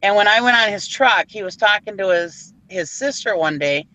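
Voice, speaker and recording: A woman's voice: mid-range voice, expressive, normal speed, bright, forceful tone, no room sound, low-quality recording. A woman from Minnesota with a northern Minnesota accent, chatting casually and laughing often as she tells stories. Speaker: truck driver and reseller on a live hangout. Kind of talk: casual chat.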